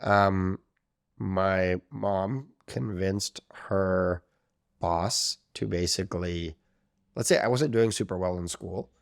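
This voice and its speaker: A man's voice: deep voice, slow, vocal fry, no room sound, studio quality. A man being interviewed as a podcast guest, recalling his past in a rambling, hesitant way full of "like" and "I guess.". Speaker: podcast guest, tech founder. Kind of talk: casual interview storytelling.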